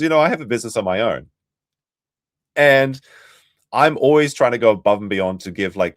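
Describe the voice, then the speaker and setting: A man's voice: medium pitch, no room sound, clean studio sound. A man hosting a casual commentary stream, ranting and swearing freely. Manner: profane, ranting. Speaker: stream host.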